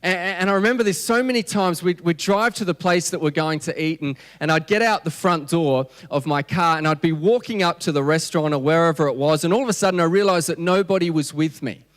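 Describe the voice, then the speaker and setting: A man's voice: a little high, fairly quick, few pauses. A man in his thirties with an Australian accent, preaching a conversational, humorous sermon full of restarts. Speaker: pastor. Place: church hall. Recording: long church hall reverb.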